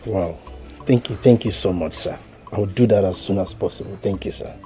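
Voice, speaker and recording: Actor playing a deferential young suitor. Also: male voice, sits low, brisk, warm tone, faint music behind, close to an everyday voice. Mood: grateful. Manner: polite, deferential. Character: polite young suitor asking for a bride. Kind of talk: film drama acting.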